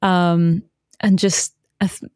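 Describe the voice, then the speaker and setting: A woman's voice: lowish voice, level tone, takes it slowly, a little mellow, smooth, no echo, clean studio sound. A woman, a guest musician, chatting modestly and laughing at herself. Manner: modest, self-deprecating, laughs often. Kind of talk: casual interview chat.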